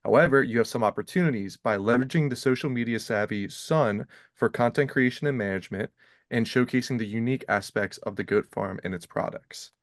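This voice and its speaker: A man's voice: medium pitch, fairly quick, no room sound, studio quality, natural voice. A man voicing a plain AI chatbot. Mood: matter-of-fact. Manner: reads a structured answer aloud. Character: AI chatbot answering, plain and orderly. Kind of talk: reading a scripted answer.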